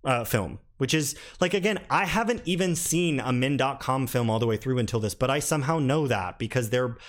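A man giving a casual spoken film review, frank and rambling, with lots of restarts and a candidly critical, mildly exasperated tone. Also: medium pitch.

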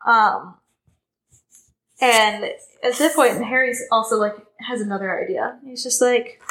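A woman's voice: a little high, animated, measured pace, a bit bright, slight background noise, low-quality recording. A young woman co-hosting a podcast, chatting casually about a book with lots of filler words. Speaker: podcast co-host.

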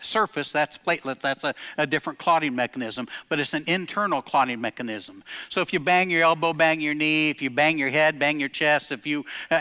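A man's voice: a little high, sharp tone. An older man preaching a sermon as pastor, emphatic and repeating key phrases for effect. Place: church gathering.

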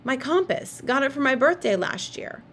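A woman reading aloud and voicing a stubborn little boy who argues back in a shrill, indignant way. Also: lively intonation, moderate pace, fairly bright tone, slight background noise. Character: stubborn shrieking little boy, younger brother.

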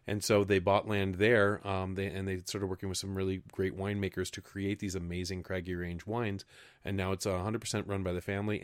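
Male podcast co-host, low-pitched, dry mic, loose rambling delivery. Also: no room sound. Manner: rambling, many restarts and fillers. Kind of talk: casual wine chat.

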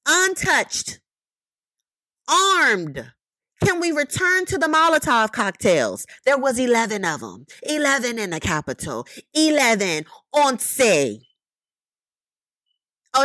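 A high-pitched woman delivers an impassioned, profane monologue. Her voice leaps all over the place as she hammers her points with rhetorical questions and repetition. She talks slowly and deliberately, and the sound is dry and close. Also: sharp tone, no echo. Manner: emphatic, profane, rhetorical questions, repeated "you know what I mean".

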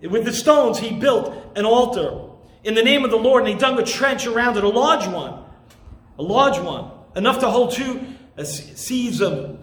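An impassioned male pastor delivers a sermon in a very high voice. He stresses his points hard and at times rises to shouts. His voice rings in an echoey room. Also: normal speed. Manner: impassioned, emphatic, rising to shouts.

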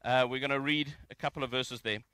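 A man giving a conversational sermon from home, reading scripture and mixing in jokes with an animated delivery. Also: mid-range voice, fairly quick, smooth, no echo. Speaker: preacher. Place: home, during isolation.

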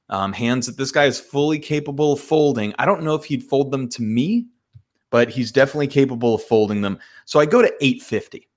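A man with a mid-range voice hosts a solo podcast, recounting a hand he played. His storytelling is animated and self-mocking.

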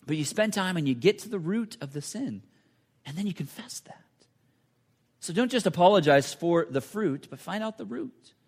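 A man preaching a sermon with a slightly higher than usual voice. He talks earnestly, repeats and restarts his phrases, and sometimes sinks to a near whisper to drive a point home. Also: animated, moderate pace, breathy edge. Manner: earnest, repetitive preaching with many restarts and dramatic drops to a hush. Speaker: pastor.

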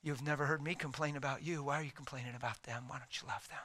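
A middle-aged man preaching a sermon, telling a personal story and swinging from loud outbursts to hushed asides. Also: medium pitch, fast. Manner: animated, swings from loud to hushed, acts out quotes.

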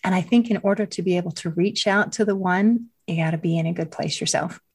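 A woman's voice: lowish voice, quick pace, husky. A woman hosting an interview, enthusiastic and affirming as she reflects on what her guest said. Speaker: host. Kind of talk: warm interview conversation.

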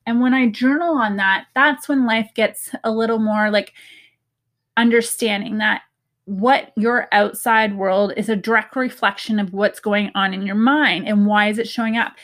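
A young woman talking to her viewers in a casual, earnest way about healing, often laughing and quoting herself. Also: a little high. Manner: earnest, chatty, laughs often, quoted asides. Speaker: spiritual self-help vlogger. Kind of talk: casual personal talk to camera.

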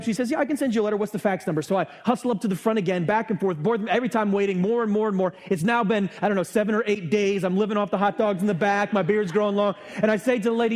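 A male pastor preaching a sermon, telling a lively personal story and acting out the exchanges in church. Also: high voice.

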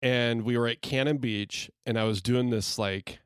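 A man's voice: medium pitch, steady tone, moderate pace, clean tone, no room sound, studio quality. A man co-hosting a podcast in an easygoing, rambling, self-deprecating way. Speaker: podcast co-host. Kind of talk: casual chat.

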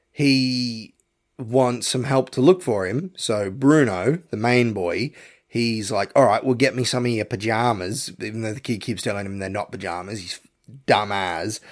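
A man, hosting a podcast and rambling bluntly through a profane film review. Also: on the low side. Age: young adult to middle-aged. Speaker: podcast host. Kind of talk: casual film review rant.

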